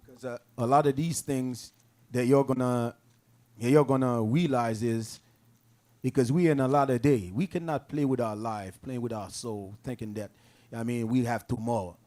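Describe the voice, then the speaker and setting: A man's voice: mid-range voice, steady tone, normal speed, darkish tone. A man preaching to a Bible class in casual street speech, who keeps asking whether his listeners understand.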